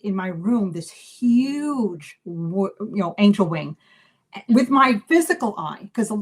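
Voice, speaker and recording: Chatty woman telling animated stories. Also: medium pitch, slow pace, husky. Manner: animated storyteller acting out dialogue; chatty with many fillers and restarts. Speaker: psychic medium. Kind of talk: casual live video chat.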